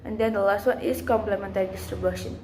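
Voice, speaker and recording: A woman's voice: medium pitch, steady tone, fast, darkish tone, slight background noise, rough recording. A woman giving a class presentation, reading steadily with occasional restarts. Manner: reads steadily, with slips and restarts. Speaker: student presenter.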